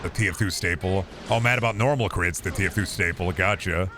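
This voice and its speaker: A man's voice: low-pitched, a little fast. A man streaming a video game, rambling in casual, profane, jokey commentary. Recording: game noise behind. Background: video game sound.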